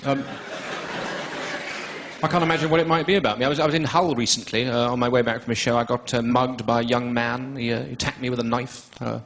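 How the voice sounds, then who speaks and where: Posh English male stand-up, rapid and deadpan, recorded live with background noise. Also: medium pitch. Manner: dry, self-mocking, drawn-out delivery with pauses for laughs. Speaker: stand-up comedian. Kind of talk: stand-up comedy set. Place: comedy stage before a live audience.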